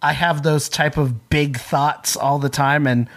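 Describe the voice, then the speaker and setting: A man in casual interview chat, halting and full of fillers, with a sarcastic streak. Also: a little high, fairly even intonation, a bit bright.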